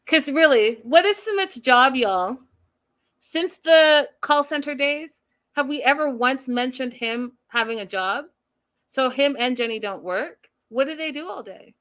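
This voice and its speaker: Sassy, animated woman recapping reality TV. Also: high-pitched, a little slow. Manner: animated, sassy, acts out the people she recaps. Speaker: recap show host.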